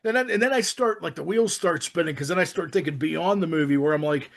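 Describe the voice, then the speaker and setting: A man co-hosting a casual film-discussion podcast, rambling and excitable, swearing often and restarting his sentences. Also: fairly high pitch, quick pace, gravelly, few pauses. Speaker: podcast co-host.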